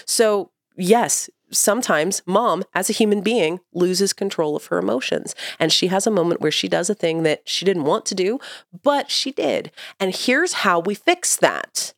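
A woman's voice: medium pitch, animated, a little slow, dry recording, clean studio sound. A woman co-hosting a parenting podcast, earnestly explaining her views in casual chat. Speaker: podcast co-host.

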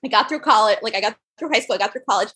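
A young adult woman, a startup founder appearing as a podcast guest, tells stories fast in a casual interview chat, peppering them with "like" and other fillers. Her voice is a little high, pushed and bright, with a slightly rough quality.

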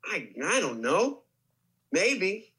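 A man's voice: sits high, sing-song, very slow, bright, forceful tone, husky, poor audio. A young man, an actor, telling a story casually with lots of restarts and "like". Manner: rambling, many restarts and likes. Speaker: actor guest.

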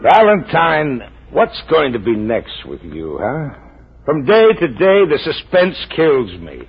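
An actor playing a gruff, sarcastic police lieutenant in a 1940s radio drama. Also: male voice, a little high, huge pitch swings, slow, slight background noise, full character voice. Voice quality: gravelly, raspy. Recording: muffled 1940s radio recording.

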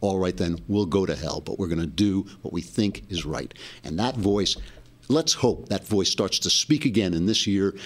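Low-voiced man hosting an impassioned monologue. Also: expressive, normal speed. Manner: impassioned, with frequent restarts. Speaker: host. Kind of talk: monologue commentary.

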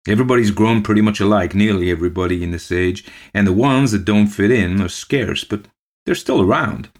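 Old country postmaster, low and soothing, read by a male narrator. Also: brisk, natural voice. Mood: earnest. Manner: calm, placating, murmuring.

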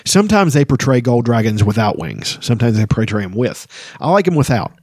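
A man's voice: medium pitch, sing-song, brisk, a little mellow, breathy edge, dry recording, studio quality. A man hosting a casual book podcast, reading passages aloud and rambling between them with frequent ums and you-knows. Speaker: book discussion podcast host.

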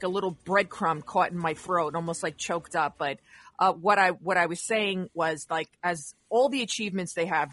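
A woman's voice: fairly low pitch, a bit bright. A woman hosting a talk radio show, chatting casually with lots of fillers. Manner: chatty, uses many fillers.

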